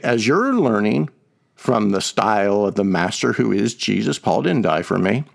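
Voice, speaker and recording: A man's voice: on the low side, sing-song, normal speed, gravelly. A man co-hosting a Bible discussion podcast, talking conversationally and emphatically, with many fillers and musical analogies. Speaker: podcast co-host teaching on scripture.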